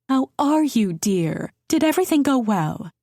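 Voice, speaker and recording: A woman voicing a doting, genteel grandmother who coos and speaks gently but firmly, in an audiobook. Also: sits high, very animated, measured pace, no echo, clean studio sound, voice pushed up, exaggerated voice. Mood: cooing. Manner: cooing, gently firm. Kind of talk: audiobook character voice.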